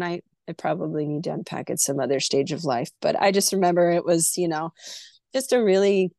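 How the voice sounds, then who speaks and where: A woman's voice: on the low side, a little mellow, dry recording, clean studio sound. A woman from California, a podcast guest, candidly telling a personal story and acting out the dialogue. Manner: candid, emotional, acts out quoted dialogue.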